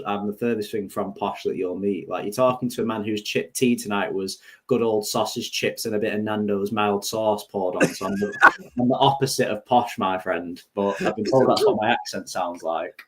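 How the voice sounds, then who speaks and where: A man with a Mancunian accent softened by West Yorkshire chats casually as a guest. His voice sits fairly low, and he is quick to joke at his own expense. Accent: Mancunian with West Yorkshire mix. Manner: jokey, self-deprecating. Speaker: guest, events company head. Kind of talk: casual chat.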